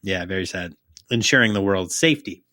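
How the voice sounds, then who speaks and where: A young man co-hosts a casual podcast, swearing and joking as he reads through a plot. His voice is bright and a little low, recorded close and dry. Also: expressive, brisk, dry recording. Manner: loose, profane, joking, reads aloud then riffs. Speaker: podcast co-host. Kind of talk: casual chat, reading a plot summary.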